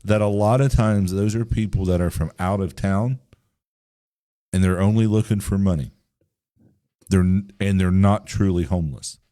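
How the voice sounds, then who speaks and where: A man's voice: low voice, normal speed, pauses often, warm tone. A man co-hosting a podcast in casual discussion, careful to hedge his claims and arguing from a Christian view. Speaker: podcast co-host.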